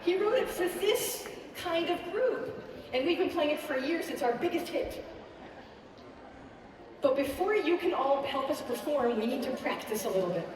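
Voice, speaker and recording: A high-voiced woman guides children through a concert piece, lively and encouraging. Her voice is caught from far off, ringing with the long reverb of a big auditorium. Steady room noise sits under it. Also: normal speed. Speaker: pianist and children's concert host. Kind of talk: teaching children at a family concert. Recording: echoey hall from far off.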